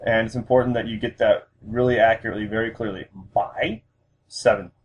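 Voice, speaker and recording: A man giving a patient spoken language lesson, pausing often with fillers as he explains. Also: fairly low pitch, little pitch movement, slightly rough, highs cut off. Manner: patient, with frequent fillers and restarts. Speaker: language teacher. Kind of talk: instructional lesson.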